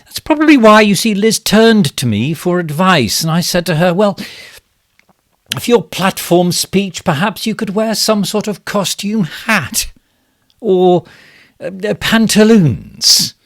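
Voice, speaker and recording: An actor playing a pompous, smug and bumbling male government minister in a comic monologue, with a posh, self-satisfied delivery and sudden leaps in pitch. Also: expressive, a little slow, fairly bright tone, no echo, studio quality. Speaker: satirical character monologue. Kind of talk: comic monologue as a fake live stream.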